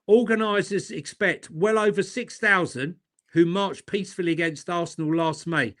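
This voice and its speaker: A man hosts a football talk show, reading out news stories and then adding his own quips. His voice is high for a man, with a bright, forceful tone. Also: moderate pace. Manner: reads out news items, then jokes and laughs. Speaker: host. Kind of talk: casual chat.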